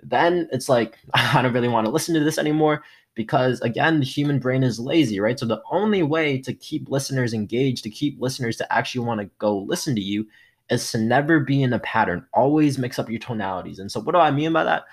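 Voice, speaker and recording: A young man hosts his own motivational podcast, with a slightly husky voice of ordinary pitch. He talks with plenty of energy and keeps changing his tone and loudness as he speaks. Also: fairly quick. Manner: energetic, varies tone and loudness often. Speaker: podcast host.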